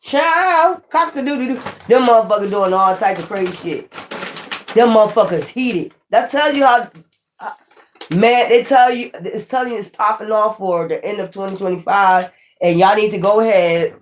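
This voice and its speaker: A woman with a mid-range voice and moderate pace gives a casual tarot reading, blunt and profane. She warns the viewer and repeats her points for emphasis, with slight background noise present.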